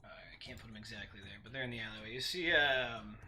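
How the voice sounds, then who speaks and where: A man narrating a tabletop game as game master, halting and full of restarts. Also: on the low side, bright, forceful tone, a little hiss or hum. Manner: halting, many fillers and restarts.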